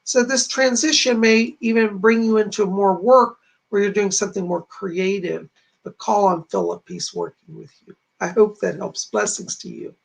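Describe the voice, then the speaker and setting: A high-pitched man with vocal fry, talking at normal speed, works as a psychic medium on a home livestream to camera, with poor audio. His manner is chatty, earnest, and reassuring, and he keeps retelling messages through "she said."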